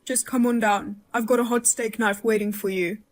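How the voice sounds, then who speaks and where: A woman's voice: on the high side, steady tone, moderate pace, close to an everyday voice. A woman voicing a blunt, outraged mother-in-law who jokes darkly and talks sharply. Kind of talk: dramatized story voice-over.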